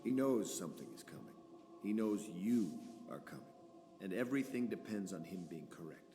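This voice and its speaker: An actor playing a solemn conspirator leader giving a grave, measured briefing in a video game. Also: male voice, low voice, animated, over music. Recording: game audio with noise.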